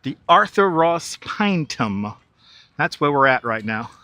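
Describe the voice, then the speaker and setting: He's a New York man guiding a casual live-stream walk outdoors in a large city park, talkative, reading out viewer chat and quick to laugh. He takes his time, his voice fairly high and sing-song, pushed and bright. Captured on a wireless clip-on mic, the sound is dry.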